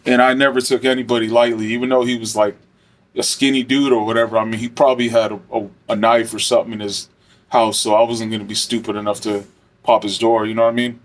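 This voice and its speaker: A man's voice: medium pitch, level tone, quick pace. A man and former correctional officer telling a casual story, rambling and swearing with lots of fillers. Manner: rambling, profane, many fillers.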